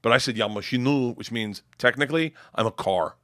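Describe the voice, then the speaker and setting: A man's voice: mid-range voice, lively intonation, a little fast, bright, forceful tone. A middle-aged man telling a rowdy, profane stand-up story, often laughing through his lines. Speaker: stand-up comedian.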